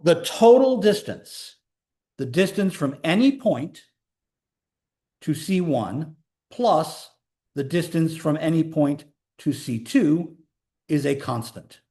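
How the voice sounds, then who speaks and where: A man teaching a calculus class, explaining in a chatty way with joking asides, sometimes drawing words out and sometimes rushing. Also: a little high, expressive, warm tone. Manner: pace swings between slow emphasis and quick runs. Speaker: math instructor. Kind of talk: classroom lecture.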